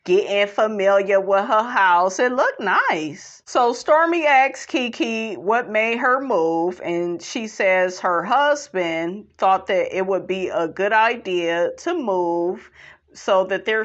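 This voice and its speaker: Sassy, animated woman podcast host. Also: mid-range voice. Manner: sassy and animated, laughs often, says "honey". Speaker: podcast host recapping a reality show. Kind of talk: casual recap chat. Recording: dull lo-fi recording.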